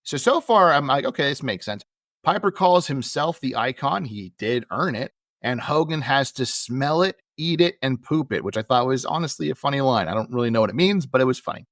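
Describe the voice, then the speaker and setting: A man's voice: mid-range voice, animated, a little fast, few pauses, a bit bright, dry recording. A man co-hosting a casual podcast, recapping events with dry, wry sarcasm. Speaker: podcast co-host.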